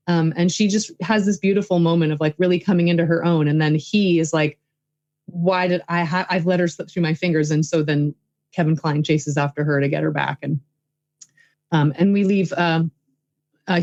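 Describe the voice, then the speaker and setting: A woman's voice: fairly low pitch, a little mellow, muffled recording. A woman guest and filmmaker in a casual interview, talking enthusiastically with many fillers. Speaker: guest, filmmaker and writing coach.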